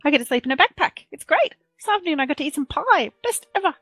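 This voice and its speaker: A woman's voice: sits high, big pitch swings, quick pace, a bit bright, no echo, soft background music, exaggerated voice. A woman voicing a cheerful, chatty little squirrel that talks in short, chirpy sentences.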